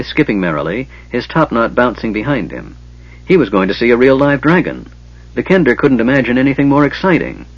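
Husky-voiced male audiobook narrator. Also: mid-range voice. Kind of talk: scripted fantasy narration. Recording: dull lo-fi recording.

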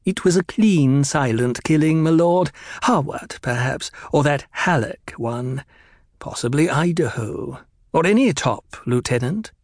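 A man's voice: fairly high pitch, lively intonation, unhurried, a little mellow, no echo, clean studio sound. A man voicing a silky, nervous male advisor who answers his master deferentially and hesitantly.

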